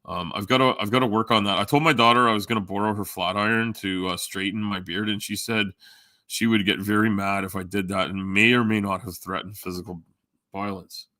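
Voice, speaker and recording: Chatty low man, crisp sound. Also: steady tone, a little fast, sharp tone, no room sound, clean studio sound. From Canada. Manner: rambling, chatty, many fillers and restarts. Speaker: livestream host. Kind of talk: casual chat with live viewers.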